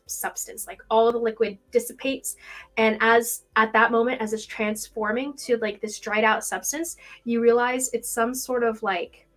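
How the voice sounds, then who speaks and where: A woman game master talks players through a scene in loose, descriptive narration. Her voice sits a little high. Faint music plays in the background. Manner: describes scenes with fillers and restarts.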